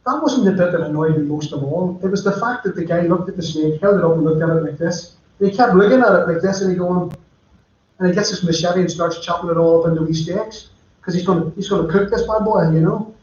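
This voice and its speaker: Preacher guy, kinda high voice, chatty storytelling sermon, super echoey muffled church stream. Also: fast talker, a little mellow. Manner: chatty storytelling, addressing listeners directly.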